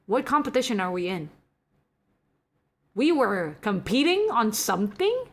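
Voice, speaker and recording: A young woman hosting a relaxed live stream, chatting with her viewers and reading their messages aloud. She is giggly and chatty, sliding between a soft, hushed voice and sudden bursts of excitement. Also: mid-range voice, unhurried, slightly rough. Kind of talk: casual stream chat.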